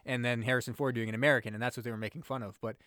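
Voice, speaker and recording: A man's voice: medium pitch, fairly even intonation, rapid-fire, sharp tone, no echo, studio quality. A man co-hosting a casual podcast recap of a movie, rambling and joking, acting out characters as he retells scenes. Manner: rambling, jokey, acts out characters in quotes. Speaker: podcast co-host.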